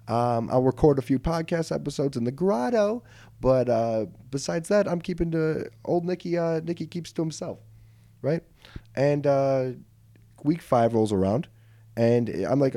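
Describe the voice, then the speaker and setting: A man's voice: medium pitch, animated, normal speed, dark tone, no room sound. A male podcast host telling a comedic story in a rambling way, often checking in with "right?".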